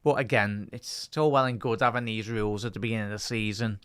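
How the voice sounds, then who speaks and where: A young man with a Liverpool accent doing a live watch-along of a football match, talking casually with his chat and lifting into quick play-by-play when the ball is in play. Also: lowish voice, steady tone, fairly bright tone, clear, resonant tone, dry recording, studio quality. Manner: chatty, reads live chat aloud and lifts into play-by-play calls.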